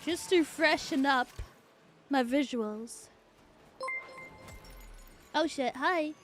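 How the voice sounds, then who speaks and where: A young woman streaming, chatting casually in an excitable, profane way with frequent laughter. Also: high-pitched, very slow, slight background noise. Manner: excitable, swearing, laughing often.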